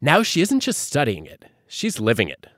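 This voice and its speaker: Lively-voiced male podcast host. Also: medium pitch, moderate pace, no room sound, clean studio sound. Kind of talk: scripted narration.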